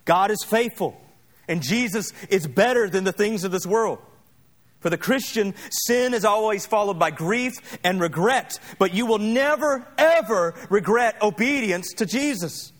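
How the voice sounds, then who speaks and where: A man with a notably high voice preaches a sermon. He leans on emphatic repetition and now and then slips in a light aside. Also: animated, a little slow, a bit bright. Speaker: pastor.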